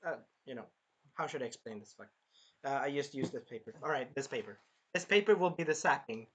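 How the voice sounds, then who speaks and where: A reviewer excitedly recapping an anime episode, acting out the characters' shrieks and cries and often losing track mid-sentence. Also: mid-range voice, brisk. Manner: animated, acts out shrieks and cries; rambling, loses track and restarts.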